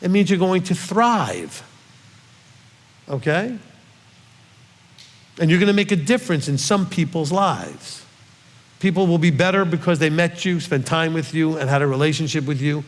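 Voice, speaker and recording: Earnest high-voiced man teaching in a reverberant hall. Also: animated, moderate pace, pauses often. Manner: earnest, coaxing, checks in often with the listeners. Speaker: rabbi teaching a congregation. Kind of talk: conversational Bible teaching.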